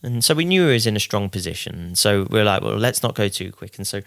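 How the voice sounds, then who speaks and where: A man, a racing driver guest on a podcast, telling casual stories in a lively way, often acting out what other people said. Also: fairly low pitch, fast talker, creaky. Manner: lively, quotes others mid-story. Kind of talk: casual anecdotal storytelling.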